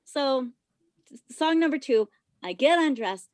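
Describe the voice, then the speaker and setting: High-voiced woman telling a wild story. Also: unhurried, dry recording, studio quality. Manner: animated, profane, loud when quoting herself. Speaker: podcast guest, former stripper. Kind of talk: casual storytelling.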